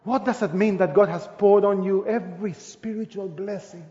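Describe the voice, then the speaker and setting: A high-pitched man preaches a sermon in a big church hall, his voice trailing a long echo. He swings between loud, emphatic declarations and soft, intimate asides, and the sound is a little dull. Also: steady tone, normal speed. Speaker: pastor. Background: long reverb of the hall.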